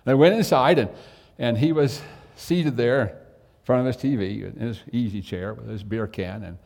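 A man's voice: mid-range voice, normal speed, creaky, darkish tone, in a large hall. A man preaching a sermon as pastor, telling a folksy story and asking the congregation direct questions.

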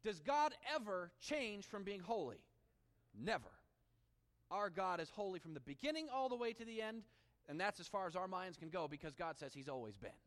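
A man preaching a sermon, reading scripture aloud and swinging between animated emphasis and hushed, intimate asides. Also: high voice, normal speed, big-room sound. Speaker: pastor.

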